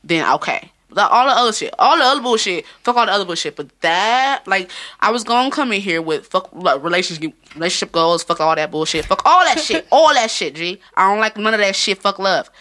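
A woman's voice: mid-range voice, animated, brisk, few pauses, pushed and bright. A woman hosting a casual podcast, talking loosely, swearing and laughing often. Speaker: podcast host.

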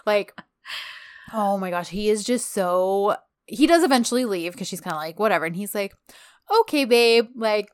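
A woman's voice: medium pitch, moderate pace. A woman in her thirties co-hosting a casual chat, gushing as she retells scenes from a TV show and acts out the characters' lines. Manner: gushing, animated retelling with quoted dialogue. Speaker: podcast co-host.

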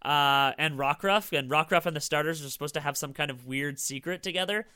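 A man chatting casually about games, quick and enthusiastic, swearing freely. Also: on the high side, bright, forceful tone, smooth, no room sound, studio quality.

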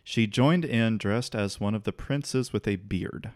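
An unhurried man with a lowish voice co-hosts a podcast, telling a history tale in a relaxed way. Now and then he restarts a line or laughs, and the recording is dry and studio-clean.

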